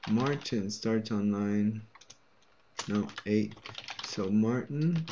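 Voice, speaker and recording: A man's voice: lowish voice, drawn-out words, a little hiss or hum. A man muttering letters and names to himself while he indexes records, with self-deprecating asides. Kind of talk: muttered screen-recording commentary. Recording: muffled audio with loud typing.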